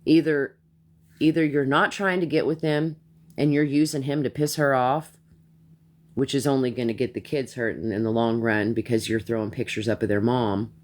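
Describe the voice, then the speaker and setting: A woman's voice: extremely low pitch, steady tone, normal speed, darkish tone. Blunt, profane woman ranting live. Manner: blunt, profane, repeats herself when worked up. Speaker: live-stream commentator. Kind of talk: heated social-media live rant.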